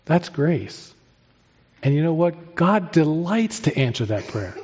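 A male pastor preaching a sermon with emphatic delivery, drawn-out pauses and rising stresses. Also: a little high, very animated, darkish tone, muffled recording, a little hiss or hum.

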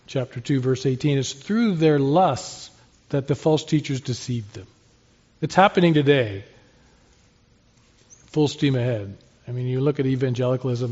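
A man with a mid-range, slightly mellow voice and a breathy edge preaches an expository sermon. He's earnest and conversational, posing rhetorical questions and answering them himself, on a slightly dull, lo-fi recording.

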